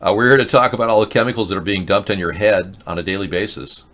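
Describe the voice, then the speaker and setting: A man's voice: low-pitched, fast, a bit bright. A man hosting a show, ranting sarcastically in casual political commentary. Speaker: host.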